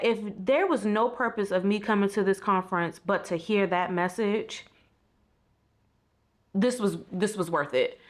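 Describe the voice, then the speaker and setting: A woman records a reflective vlog while sitting in bed in a hotel room, speaking into a small camera. Her voice sits at a middle pitch. She talks in an honest, heartfelt way and leans on frequent "like" fillers. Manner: candid, heartfelt, many "like" fillers. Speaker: vlogger. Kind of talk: casual reflective vlog talk. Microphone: compact vlog camera.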